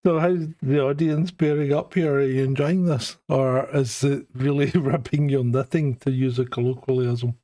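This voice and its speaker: A man's voice: medium pitch, fairly even intonation, normal speed, hardly any pauses, mellow, no room sound. Teasing man hosting a podcast. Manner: laughs often, teasing. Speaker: podcast host. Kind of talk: casual chat.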